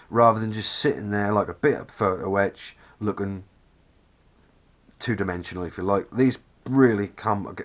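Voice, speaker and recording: A man with a Norfolk accent and a fairly low voice, talking through a model kit in a loose, chatty way. He gushes with enthusiasm, wanders a little and keeps correcting himself mid-sentence. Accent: Norfolk English. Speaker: scale model kit reviewer. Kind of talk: casual review walkthrough.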